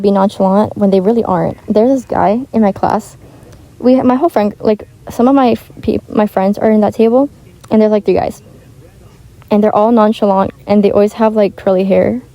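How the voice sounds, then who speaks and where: A woman's voice: medium pitch, warm tone, low-quality recording. A teenage girl chatting casually and rambling as a vlogger, with many "like" fillers and restarts. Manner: chatty, rambling, heavy use of "like". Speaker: gaming vlogger. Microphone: home microphone, not high-end.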